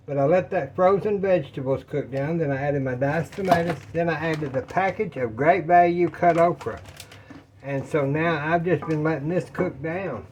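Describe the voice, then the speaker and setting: His voice is on the high side and a little mellow, with slight background noise. The Texan cooking vlogger talks to viewers as y'all in a folksy, rambling way while he cooks in his home kitchen, slightly out of breath.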